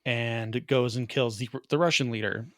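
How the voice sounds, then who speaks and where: Podcast co-host, male, mid-pitch, chatty rambling reviewer, dead-dry booth sound. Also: fairly even intonation, fairly bright tone, no echo. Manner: rambling, quick asides, laughs at his own jokes. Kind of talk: casual movie review chat.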